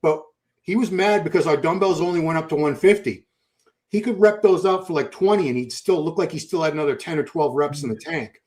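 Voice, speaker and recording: A man with a fairly high voice hosts a podcast and spins gym stories. His delivery is animated and chatty, full of asides. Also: fairly quick. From Boston. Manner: storytelling, animated. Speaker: podcast host. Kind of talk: casual chat.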